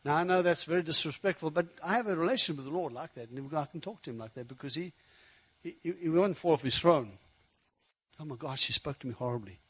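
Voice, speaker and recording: A man preaching a sermon, telling a personal story in a conversational, animated way. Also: on the high side, fast talker, breathy edge, rough recording.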